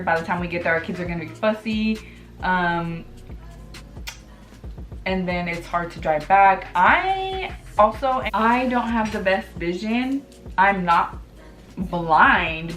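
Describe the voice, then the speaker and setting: A woman's voice: medium pitch, a bit bright, echoey room, low-quality recording. A woman in her thirties chatting candidly while doing her makeup, full of "like" fillers and casual swearing. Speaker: beauty vlogger. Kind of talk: casual get-ready-with-me chat.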